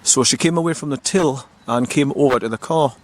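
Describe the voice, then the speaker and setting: Speaking briskly in a mid-range voice, this older North East England man chats casually while filming his walking vlog by a river in a small town. He rambles a little and corrects himself as he goes.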